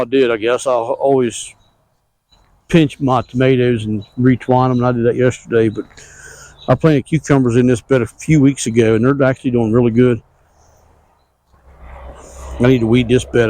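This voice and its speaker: A man giving a casual weekly garden update on his homestead, rambling in a relaxed country way outdoors as his wife films. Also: medium pitch, a little hiss or hum, rough recording. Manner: relaxed, rambling country talk with plain grammar. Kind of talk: casual walk-through narration.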